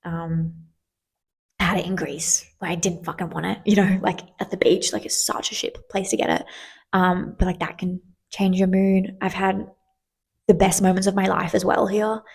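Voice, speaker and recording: A woman's voice: on the low side, flat delivery, moderate pace, creaky, slightly rough. A woman in her twenties hosting a podcast, talking candidly and chattily with lots of fillers and casual swearing. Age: 20s. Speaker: podcast host. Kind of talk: casual solo podcast chat.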